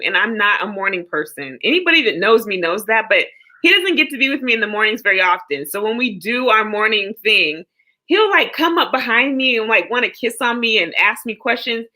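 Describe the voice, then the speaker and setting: Woman, casual livestream chat, animated storyteller, laughs a lot, video call. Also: a little high, brisk. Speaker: livestream co-host.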